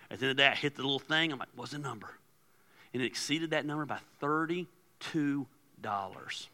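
Animated pastor preaching in a big hall. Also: male voice, medium pitch, fairly quick. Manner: animated, acts out quoted prayers and voices. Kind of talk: sermon. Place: large church hall. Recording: long hall reverb.

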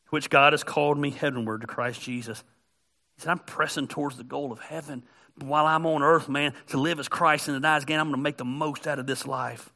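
A middle-aged male pastor giving a conversational, joking sermon that builds to loud, emphatic peaks. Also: a little high, steady tone, fairly quick.

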